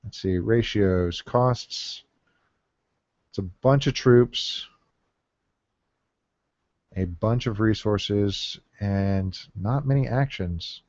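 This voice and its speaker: Slow, musing man on a dull dry mic. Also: on the low side, darkish tone, no room sound. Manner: thinking aloud, many fillers and counting under his breath. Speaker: gameplay commentator. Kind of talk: casual deck-building commentary.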